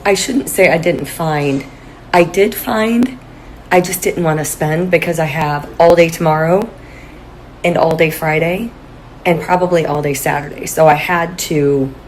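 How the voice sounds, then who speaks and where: A woman's voice: lowish voice, poor audio. A woman vlogging casually from a hotel room, chatting with enthusiasm about her vintage finds. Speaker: home decor vlogger. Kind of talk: casual vlog chat. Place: hotel room, sitting in bed. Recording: faint background noise.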